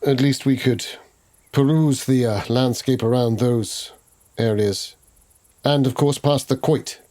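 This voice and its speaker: Man, tabletop player, in-character, formal wording, mid-range pitch. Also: steady tone, takes it slowly, mellow. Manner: formal, old-fashioned phrasing.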